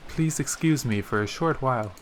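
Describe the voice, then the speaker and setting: A man's voice: medium pitch, normal speed, slight background noise, lightly acted. A man voicing a polite, timid young female maid, reading a visual novel aloud with humble, deferential speech.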